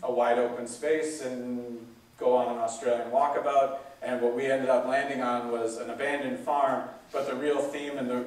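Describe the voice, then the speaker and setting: Man, casual presentation, flat even delivery, lots of ums, echoey hall, distant mic. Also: mid-range voice. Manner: relaxed, chatty, with many fillers. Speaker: zoo staff speaker. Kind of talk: casual public talk. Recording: roomy hall sound from a distance.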